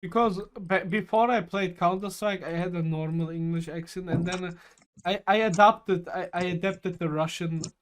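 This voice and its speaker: A man's voice: high-pitched, steady tone, moderate pace, a little hiss or hum. A young man from Germany co-hosting a casual podcast over a voice call, rambling and joking. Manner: rambling, joking, bursts into shouting. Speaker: podcast co-host. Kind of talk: casual chat. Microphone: online voice call.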